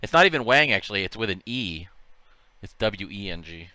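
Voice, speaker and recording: A man's voice: lowish voice, animated, fairly quick, pushed and bright, no room sound. A man co-hosting a card break livestream, telling jokey stories and laughing often in casual chat. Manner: joking storyteller, laughs often.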